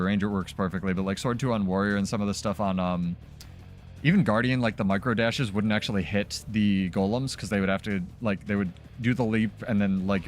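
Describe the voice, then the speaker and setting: A man talking casually as a streamer during live gameplay, loose and chatty with many fillers. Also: fairly low pitch.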